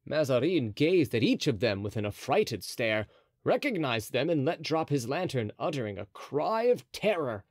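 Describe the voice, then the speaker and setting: A man's voice: mid-range voice, big pitch swings, moderate pace, dry recording. A man narrating a classic adventure novel as an audiobook, telling the story expressively. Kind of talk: scripted narration.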